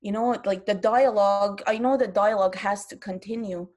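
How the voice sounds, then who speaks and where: A woman's voice: mid-range voice, fairly even intonation, moderate pace, a little mellow. A woman in her fifties from Quebec, speaking as a panelist in an online round-table, earnest and impassioned, often restarting her sentences. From Quebec, Canada. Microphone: video call.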